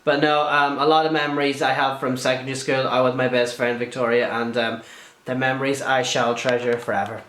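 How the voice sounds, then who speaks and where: A man's voice: mid-range voice, level tone, brisk, fairly bright tone, reverberant. A young man, chatting and swearing freely as he answers viewer questions in a casual vlog. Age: young adult. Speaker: video blogger.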